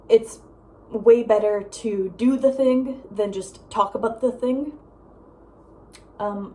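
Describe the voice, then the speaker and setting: A young woman vlogging at home in a casual, rambling chat, full of "like" and "um" and quick laughs. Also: medium pitch. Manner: rambling, lots of "like" and "um", laughs often; breezy, drifts between loud and soft. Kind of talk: casual chatty vlog monologue.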